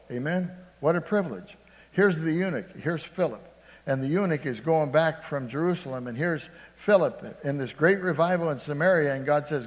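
A man preaching a sermon as pastor, calling out "Amen?" to the congregation and swinging between loud emphasis and hushed storytelling. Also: a little high, moderate pace. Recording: long hall reverb.

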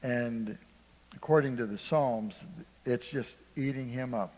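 A man's voice: mid-range voice, measured pace, darkish tone, big-room sound, rough recording. A man preaching a sermon, telling a folksy story, acting out voices and calling on the congregation for amens. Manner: storytelling, acts out voices, asks congregation for response.

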